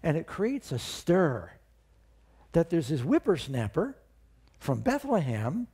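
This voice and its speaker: Animated male pastor preaching a sermon. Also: on the high side, takes it slowly, husky. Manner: animated storytelling with questions to the congregation.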